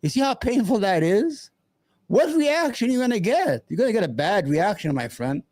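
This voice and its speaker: A man with a high, dry voice mocks and heckles as he reacts to video clips. He talks in a scornful tone with plenty of "uh" fillers and jabs, close to the mic in a deadened room. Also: sing-song, normal speed, a little mellow, dry recording. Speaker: YouTube commentator reacting to clips. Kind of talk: mocking reaction commentary.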